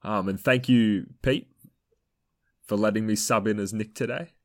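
A man's voice: fairly low pitch, moderate pace. A man co-hosting a podcast, playful and jokey. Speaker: guest co-host. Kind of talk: casual chat.

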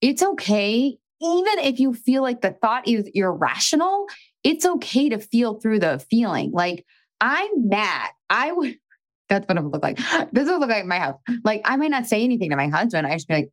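A woman's voice: on the high side, very animated, normal speed. A woman podcast host coaching a listener in a frank, chatty way, swearing casually and filling her talk with "like".

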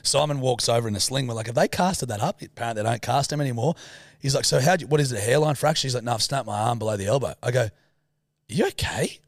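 A man's voice: medium pitch, very fast, no echo, clean studio sound. A man in his thirties with an Australian accent, telling a rowdy story in casual chat, swearing freely and acting out the voices of the people in it. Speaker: podcast co-host.

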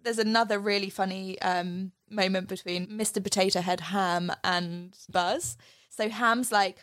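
A woman's voice: medium pitch, steady tone, measured pace, a bit bright. A woman co-hosting a casual podcast chat, giggly and enthusiastic, acting out film quotes. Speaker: podcast co-host.

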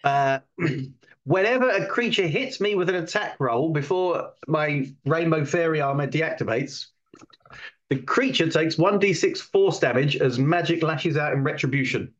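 A man playing a tabletop game, animated and jokingly grumbling. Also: on the high side, normal speed, lo-fi sound. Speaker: player.

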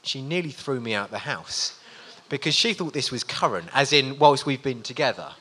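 Man, 40s, self-deprecating live raconteur with a lively, ringing voice. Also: medium pitch, normal speed, slightly rough. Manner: swearing, self-mocking anecdotal banter. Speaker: guest storyteller on a live show. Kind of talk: live stage storytelling. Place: live stage in front of an audience.

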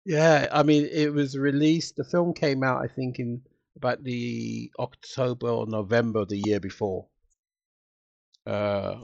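A man as a guest in a casual interview, telling stories in an animated, emotional way and acting out what people said. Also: mid-range voice, vocal fry, dry recording, lo-fi sound. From United Kingdom. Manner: animated, emotional storytelling with acted-out quotes.

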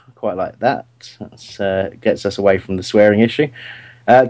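A man's voice: lowish voice, moderate pace, a little mellow, no room sound. A man hosting a casual radio show, rambling through a football match review with many fillers and restarts.

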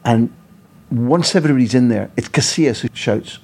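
Husky male podcast guest, storytelling, animated, doubles back on his phrases. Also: medium pitch, normal speed. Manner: animated, repeats phrases while building a story. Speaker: football journalist and podcast guest.

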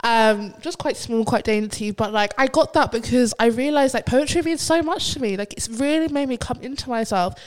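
A woman's voice: on the high side, normal speed, few pauses. A woman, a poet chatting animatedly as a podcast guest. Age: 20s. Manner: animated and expressive, mock-quoting others. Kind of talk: casual chat.

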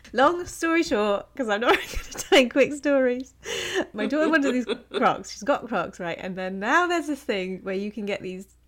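A woman's voice: fairly high pitch, expressive, moderate pace. A woman, co-hosting a podcast in casual chat, telling a long story with frequent laughter. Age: 40s. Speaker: podcast co-host.

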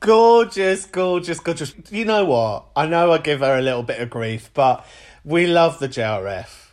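A man's voice: medium pitch, lively intonation, moderate pace. Podcast host guy, camp and chatty, calls everyone babes. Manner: warm-hearted, campy, calls people babes and sweet pea. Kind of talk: casual podcast chat.

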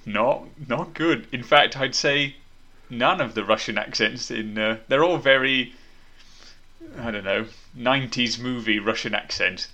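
A man's voice: medium pitch, unhurried, bright, forceful tone. A man hosting a casual movie review podcast, wry and opinionated as he leads the talk. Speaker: podcast host.

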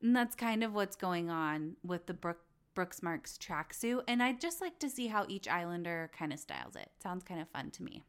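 A woman's voice: on the low side, big pitch swings, moderate pace, clear, resonant tone. Young female host, casual and effusive, talks like chatting with a friend. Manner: gushing, chatty, acts out quoted voices. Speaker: podcast host. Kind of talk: casual chat about reality TV.

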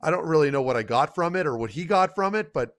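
A man's voice: on the high side, expressive, quick pace. A man co-hosting a casual sports talk show, telling a long story in a rambling way that keeps trailing off. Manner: rambling, self-correcting, trailing off quietly. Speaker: co-host, former hockey player.

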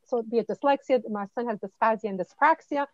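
A high-pitched woman from Quebec, telling her stories with animation and acting out quoted lines, laughing often. Her audio is dry and a little muffled, as if recorded over a remote call. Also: fast, a little mellow, no echo. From Quebec, Canada. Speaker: guest. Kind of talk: casual conversational interview.

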